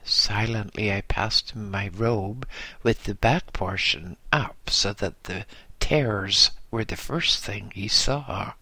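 A man narrating a memoir as an audiobook, in slow, measured storytelling. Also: fairly low pitch, bright, forceful tone, no echo.

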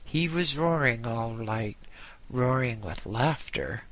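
A man's voice: medium pitch, expressive, fairly bright tone. A man narrating a story in the first person and voicing its characters' lines. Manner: measured storytelling with voiced dialogue. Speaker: audiobook narrator. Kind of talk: scripted narration.

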